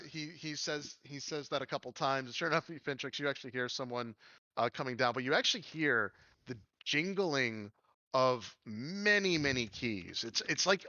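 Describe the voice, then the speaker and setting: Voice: medium pitch, bright, forceful tone, dry recording, lo-fi sound. A game master narrating a tabletop game in a rambling, filler-heavy way.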